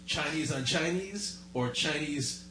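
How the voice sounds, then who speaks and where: A man's voice: on the high side, pushed and bright, faint music behind. Teasing man in a roomy space. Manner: teasing, quick interjections. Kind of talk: casual chat.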